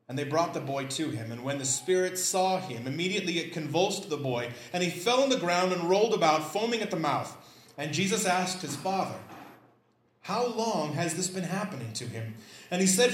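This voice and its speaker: A man leading a prayer, reading scripture aloud and preaching in a conversational, animated way with self-deprecating asides. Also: fairly high pitch, moderate pace. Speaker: pastor.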